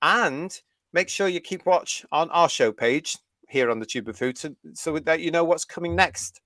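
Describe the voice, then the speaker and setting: A man's voice: a little high, normal speed, fairly bright tone, no echo, studio quality. A man from the UK hosting a fan review live stream, reading out viewer comments in a chatty, enthusiastic way and laughing often. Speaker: host of a fan review livestream.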